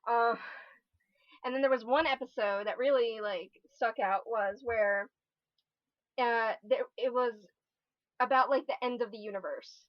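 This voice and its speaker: A woman's voice: on the high side, fairly even intonation, unhurried, long pauses, dry recording, highs cut off. A woman guest on a podcast, chatting casually and recounting things in a rambling way full of fillers. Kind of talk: casual chat.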